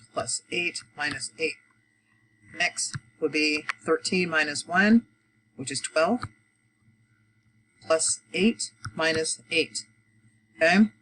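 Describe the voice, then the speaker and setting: A woman's voice: deep voice, slight background noise, poor audio. Woman teaching math step by step. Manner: talks through each step, counts aloud, frequent fillers. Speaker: adult education math teacher.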